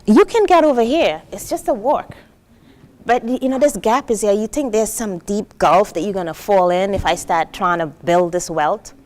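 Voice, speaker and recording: A woman from Trinidad giving a live motivational talk to an audience, animated, acting out quoted voices and asking the room questions. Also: medium pitch, moderate pace. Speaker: motivational speaker.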